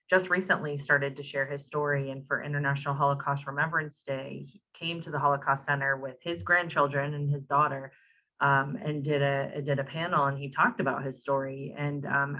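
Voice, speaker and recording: Low, bright-toned woman hosting, dull sound. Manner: conversational, many fillers. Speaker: host, moderator. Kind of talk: online talk Q&A.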